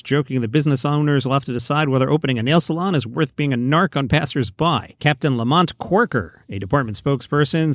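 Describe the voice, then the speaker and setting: A man's voice: mid-range voice, no echo, studio quality. A man with a Queens, New York accent hosting a comedy news show, delivering headlines with wry, sarcastic asides. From New York City. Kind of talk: casual comedy news monologue. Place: outdoors by a pool.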